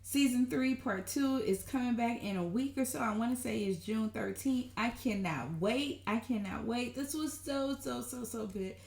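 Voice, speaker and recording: A woman giving an excited, gushing TV recap to her viewers, calling them honey and y'all in an animated way. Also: fairly high pitch, moderate pace, creaky, hardly any pauses. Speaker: TV recap vlogger. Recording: roomy echo.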